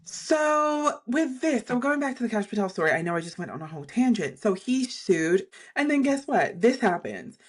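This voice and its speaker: A woman's voice: a little high, very animated, moderate pace, husky. A woman hosting a casual political commentary video, talking bluntly with plenty of swearing and wandering off on tangents. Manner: blunt and profane, drifts into tangents.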